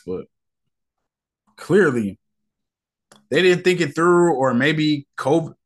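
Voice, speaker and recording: Male podcast host, casual slangy rant, irritated and rambling. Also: mid-range voice.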